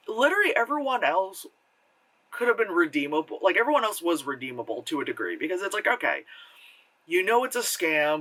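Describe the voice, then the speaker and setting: A man's voice: fairly high pitch, sharp tone. A man rambling through a casual movie review, peppering his retelling with fillers and profanity. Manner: rambling and profane, full of "like" and "you know"; acts out characters' lines in exaggerated voices. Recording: voice distant from the mic.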